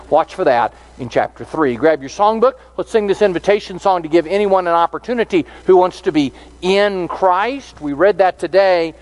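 A man's voice: high voice, darkish tone. A man preaching a sermon, earnest and explanatory, reading out scripture verses as he teaches.

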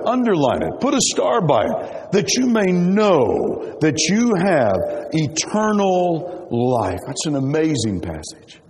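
A man's voice: on the high side, a little mellow. Emphatic male preacher in a reverberant hall. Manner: emphatic, rhetorical questions, quoting scripture. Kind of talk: sermon.

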